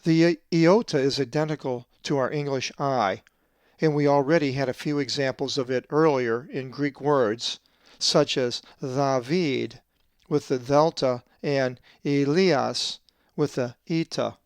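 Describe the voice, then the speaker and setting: A man who translates the Bible, giving a scripted lesson on Greek pronunciation and slowly drawing out each example word. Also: mid-range voice, clear, resonant tone, no echo, clean studio sound. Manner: methodical, drawn-out slow stress on Greek words.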